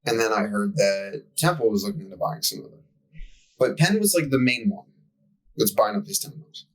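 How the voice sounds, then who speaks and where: Husky young man ranting with profanity. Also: lowish voice, expressive, moderate pace, low-quality recording. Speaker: podcast co-host. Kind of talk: casual podcast chat.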